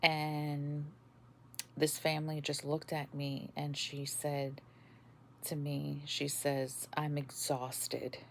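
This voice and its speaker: Woman podcast host, low gravelly voice, unhurried, halting testimony. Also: monotone, a bit bright, slight background noise. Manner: slow, halting, many fillers and restarts. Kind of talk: casual spoken testimony.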